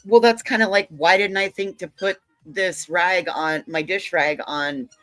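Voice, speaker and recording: A woman's voice: on the low side, dry recording, soft background music. A middle-aged woman guest chatting casually and rambling animatedly on a livestream panel. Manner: animated, rambling, quick asides. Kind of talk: casual chat.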